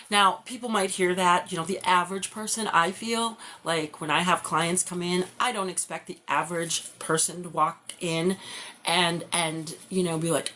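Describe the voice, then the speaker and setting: A woman's voice: lowish voice, sharp tone. A woman giving a live-stream tarot reading, talking in a loose, rambling way full of "like" and "you know". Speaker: tarot reader.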